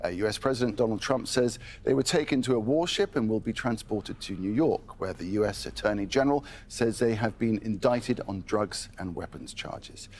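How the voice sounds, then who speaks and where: A male news anchor reading a scripted broadcast in a measured, formal way. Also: on the low side, a little mellow.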